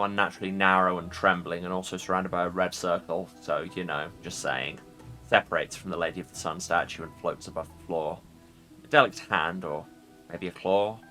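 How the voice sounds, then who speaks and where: A man's voice: deep voice, pushed and bright. A man streaming a game, reading its text aloud with casual joking asides. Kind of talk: let's play with narration read aloud.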